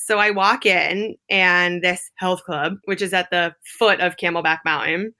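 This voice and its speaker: A woman in her thirties, a guest telling a lively, dramatic story in casual conversation and acting out the quotes. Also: on the low side, measured pace.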